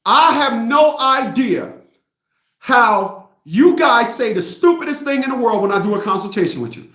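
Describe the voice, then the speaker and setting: High-voiced man ranting bluntly in an echoey room. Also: animated, moderate pace, a bit bright. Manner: blunt, mocking, repetitive. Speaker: host. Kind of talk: livestream rant.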